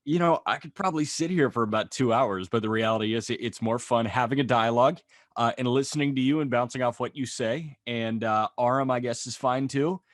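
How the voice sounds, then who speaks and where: Young male co-host, mid-pitched, wry and teasing, close dry mic. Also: brisk, no room sound. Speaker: podcast co-host. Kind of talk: casual podcast chat.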